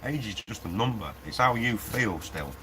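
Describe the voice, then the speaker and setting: This streamer works on a prop in a noisy workshop, where sanding and a 3D printer can be heard, chatting with viewers, reading chat aloud, and laughing frequently. He speaks on the low side at a normal speed, animated, pushed, and bright.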